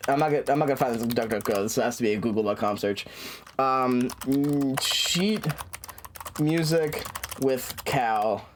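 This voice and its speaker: A man's voice: mid-range voice, moderate pace, a little hiss or hum. A man streaming a game, chatting casually and rambling with lots of fillers, restarts and swearing.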